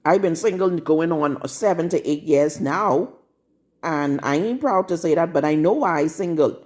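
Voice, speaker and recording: A woman's voice: low-pitched, expressive, normal speed, darkish tone. A woman preaching a live-streamed sermon in a blunt, scolding, confrontational manner. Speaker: prophetess.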